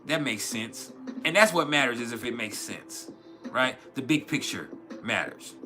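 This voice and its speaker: A man's voice: medium pitch, animated, unhurried, music in the background. A man hosting an astrology livestream in a loose, rambling, profane way, full of fillers and restarts. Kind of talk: casual livestream chat.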